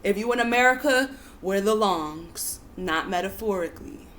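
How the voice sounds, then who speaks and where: A woman giving a spiritual teaching monologue to her listeners, coaxing and soothing them with repeated calls to breathe and calm down, then rising to emphatic stresses. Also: mid-range voice, moderate pace, slight background noise.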